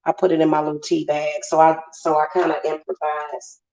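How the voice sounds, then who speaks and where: A woman's voice: low voice, monotone, a little fast, a little mellow. A woman hosting a casual witchy livestream, venting bluntly and profanely to her viewers. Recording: roomy, slightly dull home sound.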